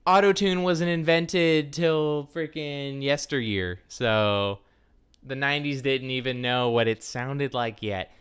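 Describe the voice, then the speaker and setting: A man hosting a live stream in a bright, forceful voice, bantering loosely with his chat. He jumps from thought to thought with playful jokes. His delivery is smooth and crisp. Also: medium pitch. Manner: scattered, jokey, talks straight to the chat. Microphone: desk microphone.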